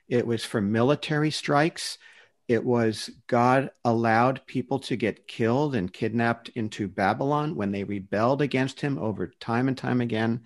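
In a casual discussion, a man with a mid-range voice earnestly defends a Christian view, often restarting his sentences as he searches for the right words.

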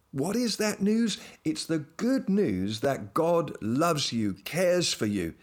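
Lively man giving a devotional talk. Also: fairly high pitch. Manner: playful storytelling, animated. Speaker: host and Christian speaker.

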